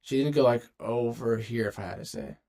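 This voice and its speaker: This young man, who makes gaming videos, has a warm, medium-pitched voice and talks a little fast. He ranks game characters in loose tier-list commentary, drifting, slinging slang, and often stopping mid-sentence.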